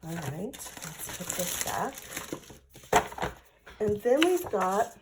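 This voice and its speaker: A woman's voice: medium pitch, very animated, drawn-out words, very noisy. A middle-aged woman showing craft supplies in a casual, chatty way, thinking aloud as she handles them. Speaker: craft product demonstrator. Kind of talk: casual product show-and-tell.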